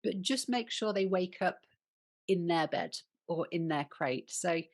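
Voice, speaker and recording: A woman hosts a podcast interview, her voice sitting somewhat low. She talks in an easy conversational way, handing out practical advice on training puppies. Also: animated, a little slow. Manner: advice-giving, conversational, encouraging. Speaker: podcast host and dog trainer.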